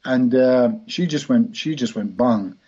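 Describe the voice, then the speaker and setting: Hypnotist guest, rambling storyteller; husky voice, medium pitch, muffled lo-fi audio. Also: male voice, unhurried, warm tone. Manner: rambling anecdotal, frequent restarts. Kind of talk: storytelling in a podcast interview. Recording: dull lo-fi recording.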